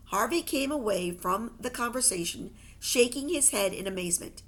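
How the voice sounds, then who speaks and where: A woman reading a novel aloud with expressive storytelling. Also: a little high, moderate pace. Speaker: reader.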